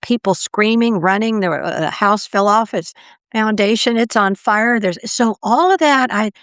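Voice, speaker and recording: An older woman, a podcast guest, telling her story in casual conversation and acting out quoted voices with big jumps in pitch. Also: moderate pace, a bit bright, smooth, no room sound, clean studio sound.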